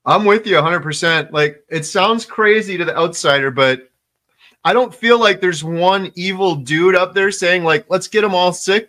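A man's voice: high-pitched, sharp tone. A man hosting a casual interview chat, talking with emphatic enthusiasm and repeating words for stress.

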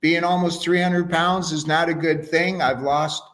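An upbeat, heavyset middle-aged guy, as a man puts him on, talks in a pitched-up, eager voice. He sounds proud and keen to show off. The delivery is slow and unhurried. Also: fairly even intonation, fairly bright tone.

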